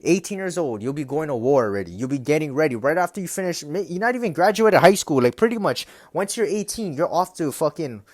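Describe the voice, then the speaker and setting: A man's voice: a little high, expressive, fast, few pauses, dry recording, clean studio sound. Profane young man ranting to camera. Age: young adult. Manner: profane, repetitive, keeps asking "right?". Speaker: vlogger. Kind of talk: casual rant to camera.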